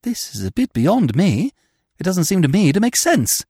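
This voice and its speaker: A man voicing an excitable, flustered young aristocrat who bleats his exclamations high and loud. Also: rapid-fire, no room sound, clean studio sound, close to an everyday voice. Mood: plaintive.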